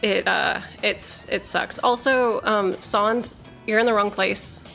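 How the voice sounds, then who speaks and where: In a slow, steady, mid-range voice with vocal fry and a sharp edge, a woman streamer chats casually and reads viewer messages over faint background music. She rambles with plenty of fillers and restarts, swears freely, and slurs a little while struggling to form her words.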